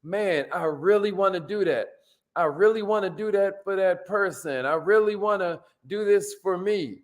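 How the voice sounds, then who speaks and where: An energetic man hosts a live motivational talk, reeling off shout-outs to viewers by name between points. His voice sits high for a man, and he speaks in casual slang, hammering his key phrases again and again. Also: moderate pace. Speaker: host of a live motivational stream.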